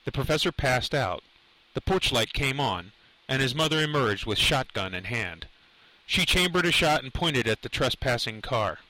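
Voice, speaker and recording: Man, audiobook narrator, measured dramatic storytelling, scripted narration, bright tone. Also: mid-range voice, lively intonation, low-quality recording.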